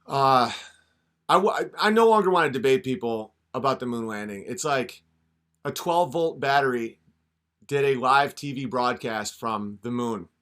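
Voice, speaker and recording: A man's voice: mid-range voice, a bit bright. A man hosting a podcast in a rambling comedic rant, often restarting mid-sentence. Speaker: podcast host.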